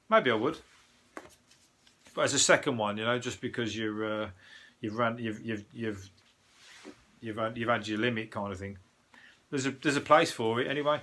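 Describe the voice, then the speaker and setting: A man's voice: fairly low pitch, sharp tone. A man with a Birmingham accent, a comedian and podcast host rambling through a casual news review, swearing freely with jokey asides and lots of fillers. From England.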